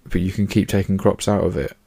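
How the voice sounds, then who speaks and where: A solo podcast host with a low, dark, creaky voice talks a little fast in a level tone. He's chatty and rambling, swears casually, and keeps yawning.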